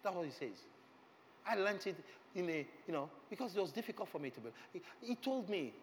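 Middle-aged man, passionate preacher, bright and animated, echoing hall. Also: high voice, quick pace, slight background noise. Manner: passionate, swings from soft to loud exclamations. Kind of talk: sermon. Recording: long hall reverb, faint ambience.

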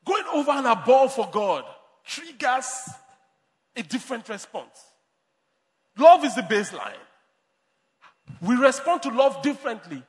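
High-voiced preaching man in a hall. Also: big pitch swings, unhurried, long pauses. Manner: emphatic preaching with repetitions and restarts. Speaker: pastor. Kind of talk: sermon.

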